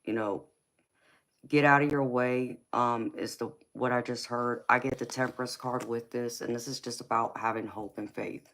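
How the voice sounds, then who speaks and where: A woman's voice: extremely low pitch, fairly even intonation, normal speed, a bit bright, slight background noise. Southern-accented woman hosting a live tarot reading. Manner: affectionate, greets viewers with endearments like baby and honey; chatty and rambling, with frequent ums and you-knows. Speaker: tarot reader and live-stream host.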